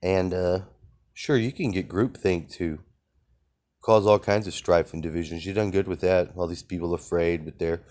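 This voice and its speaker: A man with a very low, deep voice rambles through a defiant, profanity-laced monologue. He jumps from one thought to the next and swears constantly as he rants. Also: fairly even intonation, normal speed, darkish tone. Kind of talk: ranting monologue.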